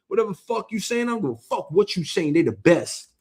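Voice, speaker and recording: A man with a high, breathy-edged voice hosts a solo comedic news show, very animated and fast with few pauses. He rambles and swears, mock-arguing with an imagined listener.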